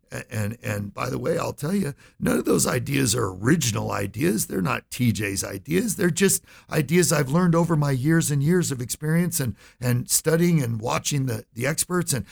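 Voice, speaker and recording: Gravelly-voiced man telling a story. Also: medium pitch. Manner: animated storyteller, acts out quoted voices. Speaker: financial advisor guest. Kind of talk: interview storytelling.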